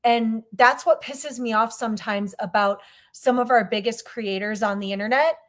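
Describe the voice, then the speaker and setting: A woman's voice: fairly high pitch, normal speed. A woman guest co-host in casual podcast chat, blunt and candid, with many fillers and restarts.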